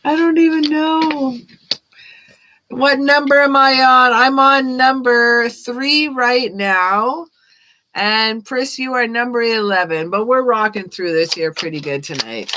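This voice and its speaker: A woman's voice: on the high side, slow, sharp tone. A woman giving live-stream tarot readings, chatting casually with viewers, thanking them by name and laughing often. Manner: chatty, reads chat names aloud, laughs often. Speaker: tarot reader.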